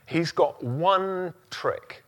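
A man's voice: fairly high pitch, extremely slow. A man preaching a sermon, using emphatic repetition and rhetorical questions.

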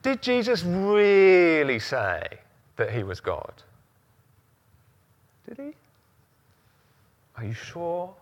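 A man voicing a sly male devil who softly coaxes doubt with insinuating questions. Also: sits high, huge pitch swings, slow pace, dull audio, full character voice. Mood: sly, coaxing.

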